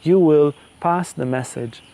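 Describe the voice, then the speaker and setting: A solemn male god gives careful, ritual instructions, as a man voices him in a storytelling lecture. The voice is warm and mellow and sits a touch high for a man. His delivery is measured and instructive. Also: creaky.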